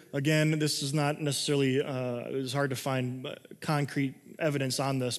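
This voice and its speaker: Man preaching in a reverberant hall. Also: mid-range voice. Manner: conversational preaching, swings between excited and hushed. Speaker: pastor. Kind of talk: sermon reading and explaining scripture.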